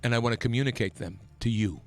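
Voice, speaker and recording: A man hosting a talk radio show, delivering an impassioned, emphatic political monologue that climbs toward near-shouting. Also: medium pitch, fast talker, faint music behind. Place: radio studio.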